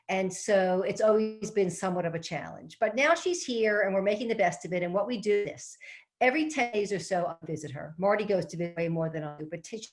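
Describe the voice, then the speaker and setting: A middle-aged woman giving a live webinar from her home office, telling a personal story in a lively, chatty way and speaking directly to her listeners as a professional speaker. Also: on the low side. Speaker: professional speaker and organizing expert. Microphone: computer mic on a live webinar.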